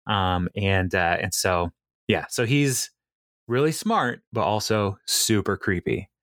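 A man's voice: on the low side, slow, fairly bright tone, no room sound, clean studio sound. A man co-hosting a podcast, recapping a TV episode in casual chat, quoting scenes and laughing often between fillers. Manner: laughs often, recounts scenes with quoted lines and many fillers. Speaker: podcast co-host.

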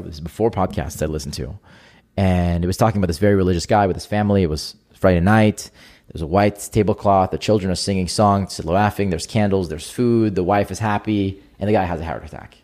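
A man's voice: sits low, a little fast, darkish tone. A young adult man speaking as a podcast guest in an earnest, reflective way during casual conversation.

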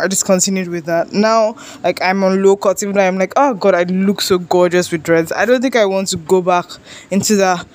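A young woman from Nigeria hosting a solo podcast, talking casually and expressively, mocking herself and swearing freely. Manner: expressive, self-mocking, swears freely, pitch jumps for emphasis. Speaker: podcast host.

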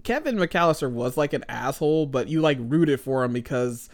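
A man co-hosting a casual movie review chat, rambling and animated, slipping into voices when he quotes characters. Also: medium pitch, moderate pace. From American Midwest. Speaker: podcast co-host.

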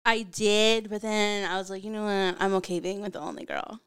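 A woman's voice: medium pitch, fairly quick, clean tone. A woman guest on a podcast, chatting casually and animatedly acting out what her family says. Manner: animated storyteller, acts out quotes. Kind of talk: casual chat.

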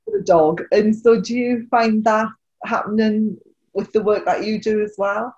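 A woman's voice: mid-range voice, fairly even intonation, normal speed, a little mellow, dull audio. A woman kinesiologist chatting with a colleague about working with dogs and their owners. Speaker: kinesiologist, host. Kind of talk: casual conversation.

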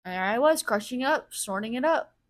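A woman's voice: on the high side, animated, brisk. A woman hosting a podcast, speaking in a candid solo monologue, blunt and profane, openly reflecting on her own feelings as she talks. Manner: blunt, profane, emotionally raw; self-reflective, thinking aloud. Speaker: podcast host.

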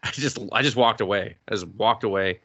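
A man's voice: fairly low pitch, a little fast, fairly bright tone. A man co-hosting a podcast in casual chat, ranting in an exasperated, profane way. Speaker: podcast co-host.

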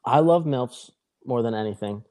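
On a laid-back podcast, a young adult man speaks at medium pitch and a normal speed. His story wanders and is full of swearing, and he performs the other characters' lines with animated energy.

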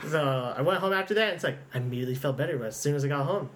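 Young guy, animated up-and-down voice, quick to laugh, casual banter with faint hum behind. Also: on the high side. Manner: lively, laughs often, teasing questions. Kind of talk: casual chat.

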